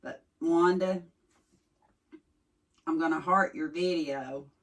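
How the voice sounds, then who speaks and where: A woman's voice: low voice, fairly even intonation, slow. A woman from East Tennessee with a Southern accent, chatting casually to her viewers in a folksy, rambling way. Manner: folksy, chatty, wanders off track. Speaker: vlogger. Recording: voice a little distant from the mic.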